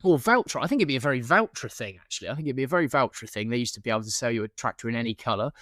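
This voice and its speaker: A man's voice: mid-range voice, animated, racing, a bit bright, no echo, clean studio sound. A man co-hosting a podcast, talking casually with frequent restarts and fillers. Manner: rambling, many restarts and fillers. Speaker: podcast co-host.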